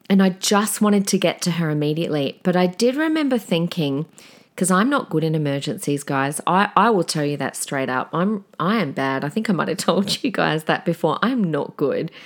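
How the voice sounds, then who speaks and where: An Australian woman in her forties talks to her listeners in a loose, chatty way, with a low voice. She tells stories with plenty of fillers and restarts, as if talking with friends. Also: normal speed. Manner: chatty, animated storytelling with frequent fillers. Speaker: parenting podcast host. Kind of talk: conversational monologue.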